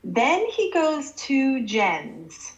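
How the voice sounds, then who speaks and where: A woman hosting a casual podcast chat, recapping scenes in an animated way and swearing freely. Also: high-pitched, very slow. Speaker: podcast host.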